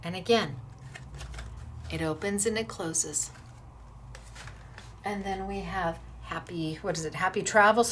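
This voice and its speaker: A woman's voice: lowish voice, unhurried, pauses often, a little hiss or hum. A middle-aged woman hosting a crafting tutorial, bubbly and encouraging as she gushes over her projects. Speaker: crafting show host.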